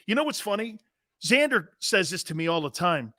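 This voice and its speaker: A middle-aged man hosting a sports talk show, rambling and telling stories with loud bursts and laughter. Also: high-pitched, slow pace, long pauses, dry recording, studio quality. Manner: loud, excitable, storytelling with bursts of shouting and laughter.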